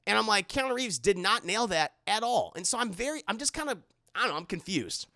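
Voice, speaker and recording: A man's voice: high voice, very animated, fairly quick, pushed and bright, no room sound, studio quality. A man live-streaming, rambling through casual commentary and reading out his chat, often stumbling and repeating words.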